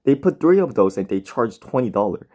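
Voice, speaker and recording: A man's voice: mid-range voice, very animated, fairly quick, darkish tone. A man chatting casually on a live stream while reading chat, rambling with lots of fillers. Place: home, in bed.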